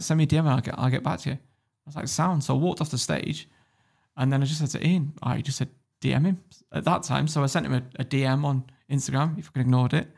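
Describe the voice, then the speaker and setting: A man's gravelly, darkish voice at medium pitch carries a casual story told on a podcast. He's the guest, an entrepreneur, and he talks bluntly, curses freely, and laughs as he goes.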